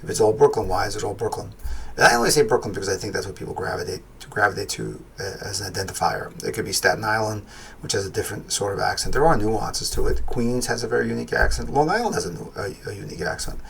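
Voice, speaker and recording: A man with a low, gravelly voice talks through a film review in a loose, rambling way. He often stops to correct himself mid-thought. A faint noise sits under the recording. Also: quick pace. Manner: rambling, self-correcting, thinks aloud. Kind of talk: casual spoken film review.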